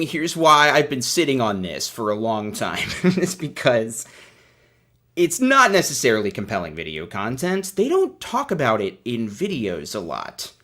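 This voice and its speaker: A man's voice: on the low side, fairly bright tone. A man hosting a livestream, giving sarcastic, rambling commentary in a casual chat. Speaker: host.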